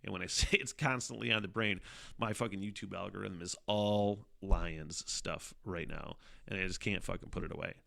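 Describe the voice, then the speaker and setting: Gravelly man rambling on a solo podcast. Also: sits low, normal speed, pushed and bright. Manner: rambling and profane, with frequent fillers and laughs. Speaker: podcast host. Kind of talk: casual solo podcast monologue.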